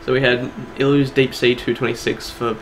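A man co-hosting an online awards show in casual chat, laid-back and quick to laugh. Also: medium pitch, flat delivery, a little hiss or hum, rough recording. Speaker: awards co-host.

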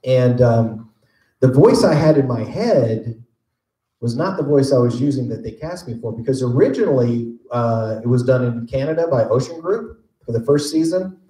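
A man in his fifties from Texas tells stories with a lot of swing in his voice, bouncing from high to low as he jokes his way through audience questions. His middle-of-the-road pitch rings out in an echoey convention hall. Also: normal speed. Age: 50s. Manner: animated joking storyteller. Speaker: voice actor panelist. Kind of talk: casual convention Q&A. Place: large convention panel room.

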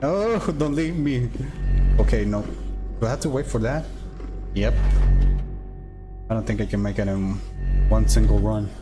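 With a medium-pitched, expressive voice at a moderate pace, a streamer plays a horror game and talks jumpily to himself and the creatures. Long pauses break his let's-play commentary, and music plays in the background.

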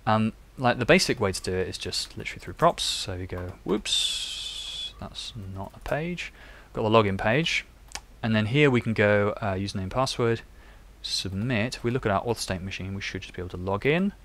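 Young guy coding on stream, chatty, kinda low voice. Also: brisk, hardly any pauses, fairly bright tone. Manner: chatty, thinks aloud while typing. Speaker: developer live-coding on stream. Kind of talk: live coding tutorial.

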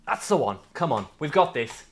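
A young man streaming a climbing game, ranting and swinging between mock calm and yelling at his character. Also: mid-range voice, moderate pace. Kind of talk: gaming stream commentary.

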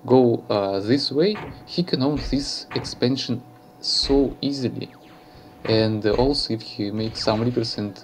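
Slow hesitant man with a Russian accent. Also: mid-range voice, slight background noise. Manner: hesitant, many fillers and self-corrections. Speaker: amateur game commentator. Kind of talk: live strategy game commentary.

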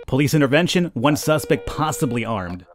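A young man casually commentating a game, chatty and quick to laugh. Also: medium pitch, lively intonation. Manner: chatty, laughs at callers, talks to units. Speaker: let's play host.

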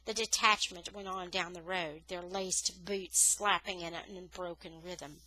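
Bright-voiced woman reading a novel aloud. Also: fairly low pitch, a little slow, hardly any pauses, no room sound, rough recording. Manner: expressive storytelling, rising on dramatic words. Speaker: audiobook reader.

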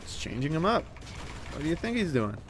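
A man's voice: fairly high pitch, a little fast, noisy background. A man giving casual let's-play commentary, cheering, yelping and scolding game characters as he plays. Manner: excitable, yelps and cheers at the game. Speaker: gaming streamer.

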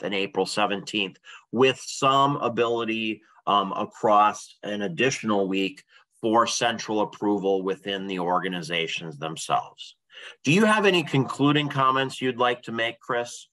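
A man with a low but bright, forward voice co-hosts an informational briefing. He puts questions to his colleague and lays out dates and next steps in a clear, orderly way. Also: low-quality recording. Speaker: co-host and interviewer.

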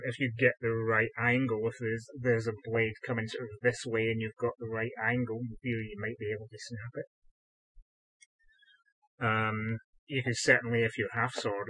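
A man's voice: mid-range voice, pushed and bright, husky, no echo, poor audio. A man giving a casual, rambling talk on sword history with dry asides and many fillers. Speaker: historical fencing presenter. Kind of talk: casual explanatory talk to camera.

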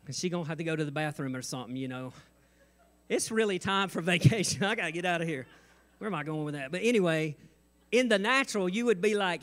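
A pastor preaches a sermon on a church stage, mixing humor and asides as his intensity keeps rising. His voice is on the high side and fairly bright, and he talks fairly quickly with frequent pauses.

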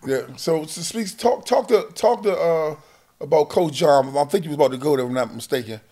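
Fast, dark-voiced DC host. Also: male voice, a little high, expressive, soft background music. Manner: stammering questions, constant "right" and "mm-hmm" backchannels. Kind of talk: casual chat.

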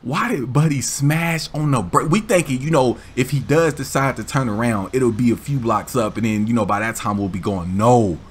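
A man hosting a gaming channel, telling a story in a casual, animated, slangy way with frequent laughs. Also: mid-range voice, normal speed, few pauses, a little hiss or hum.

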